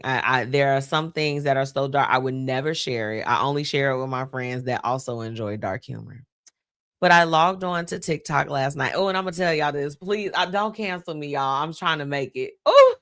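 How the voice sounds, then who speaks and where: A woman's voice: rumbling low, fairly bright tone, no room sound, studio quality. A woman hosting a live stream, talking casually and animatedly to viewers, laughing often. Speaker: host.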